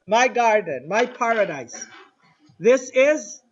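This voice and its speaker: A man teaching an Arabic lesson to a class, drilling phrases slowly and having students repeat. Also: extremely high pitch, animated, muffled recording. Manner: slow, deliberate drilling with repetition to the class. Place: mosque classroom.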